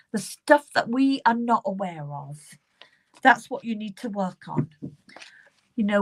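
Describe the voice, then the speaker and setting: A woman giving live psychic readings, speaking earnestly and repeating herself as she addresses viewers by name. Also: on the high side. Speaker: psychic medium.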